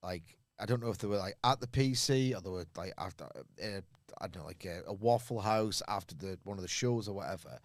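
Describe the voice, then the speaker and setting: A man's voice: deep voice, brisk, dry recording, clean studio sound. A man co-hosting a casual podcast, rambling through stories with lots of fillers and restarts. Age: adult with a school-age daughter. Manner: rambling, filler-heavy storytelling. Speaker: podcast co-host, wrestling reviewer.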